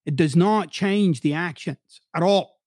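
A man's voice: high-pitched, a little slow, a little mellow, dry recording, clean studio sound. A middle-aged man who hosts a podcast and used to coach, giving a blunt, profane motivational monologue with heavy emphasis. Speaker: podcast host, former coach.

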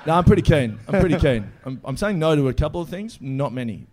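A man's voice: fairly high pitch, lively intonation, fast, dark tone. A man telling stories in a casual podcast chat, swearing and laughing freely. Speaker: guest storyteller.

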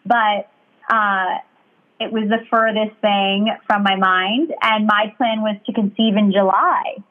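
A woman's voice: medium pitch, fairly even intonation, takes it slowly. A young woman talking in a chatty, rambling, candid way during casual conversation. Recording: tinny phone-like sound.

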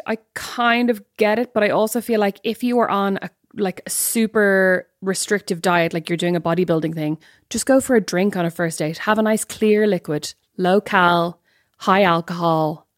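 A woman co-hosting a podcast, chatting casually in an animated, rambling, self-deprecating way. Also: mid-range voice, moderate pace, dry recording, clean studio sound. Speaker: podcast co-host.

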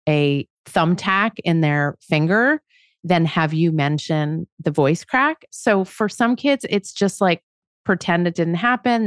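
A woman's voice: lowish voice, dry recording, studio quality. A middle-aged woman co-hosting a podcast, talking through parenting questions in a conversational way. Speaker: podcast co-host. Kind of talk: casual parenting discussion.

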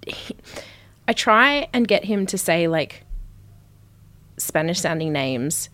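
A woman's voice: lowish voice, very animated, slow pace, fairly bright tone. A woman co-hosting a podcast in casual chat, teasing her co-host, swearing freely and laughing often. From Australia.

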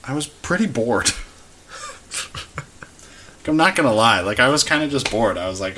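A man's voice: medium pitch, lively intonation, moderate pace, long pauses, pushed and bright, a little hiss or hum. A young man co-hosting a podcast, rambling and joking through a casual movie recap with lots of fillers. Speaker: podcast co-host. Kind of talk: casual chat recapping a film. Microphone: podcast mic.

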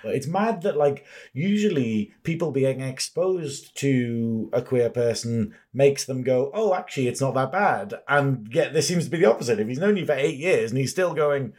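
A man's voice: medium pitch, moderate pace, hardly any pauses. Playful male podcast host. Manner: playful and teasing, warmly encouraging. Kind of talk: casual chat.

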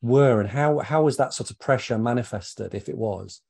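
Mellow-voiced polite male interviewer. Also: medium pitch, normal speed, gravelly. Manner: polite, probing questions. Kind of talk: oral history interview.

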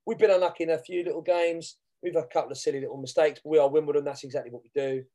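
A fast-talking man, bantering on a fan podcast. He jokes easily and turns to speak straight to the listeners. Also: on the high side, fairly even intonation, mellow. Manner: quick, jokey, asks the listeners in. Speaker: podcast co-host. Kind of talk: casual chat.

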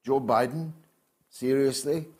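A man's voice: medium pitch, fairly even intonation, slow, darkish tone, slightly rough. An older man hosting a call-in show, combative and mocking, reading viewer comments aloud. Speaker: host. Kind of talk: opinionated call-in show talk.

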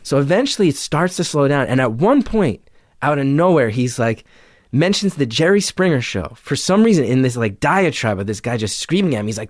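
A young adult man telling a story in casual chat, animated, jumping into loud high voices when he quotes people. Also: a little fast, dry recording, studio quality.

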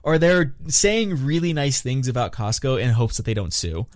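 A man co-hosting a podcast, chatting casually and quickly retelling a movie's plot with swearing. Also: mid-range voice, big pitch swings, no room sound, studio quality. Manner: rapid retelling with profanity. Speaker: podcast co-host. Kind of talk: casual movie recap chat.

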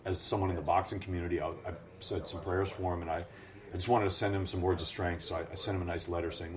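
A man who works as a ring announcer, telling stories in a lively, animated way during a casual interview. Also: low-pitched, fast, crowd noise. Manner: animated storyteller, acts out voices.

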